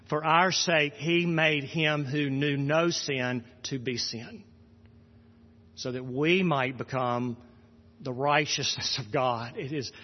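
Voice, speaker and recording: A man preaching a sermon in a church, earnest and repeating his words for emphasis. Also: mid-range voice. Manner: earnest, repeats words, voices Jesus in quotes. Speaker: pastor. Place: church sanctuary. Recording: muffled sound with long hall reverb.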